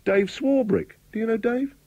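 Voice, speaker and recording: A man chatting on the radio as the weekly guest, animated and teasing as he tells stories. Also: very high-pitched, normal speed, dry recording, highs cut off. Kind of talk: comic radio chat. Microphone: studio microphone.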